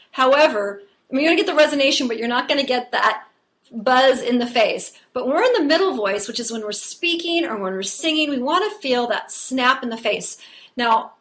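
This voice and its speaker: A woman's voice: sits high, a bit bright. A woman voice teacher explaining vocal technique in a conversational, explanatory way.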